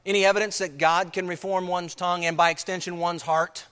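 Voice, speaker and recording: A man's voice: sits high, flat delivery, fairly quick, few pauses, fairly bright tone, clear, resonant tone, big-room sound. A man preaching a sermon, emphatic, repeating key phrases and asking rhetorical questions.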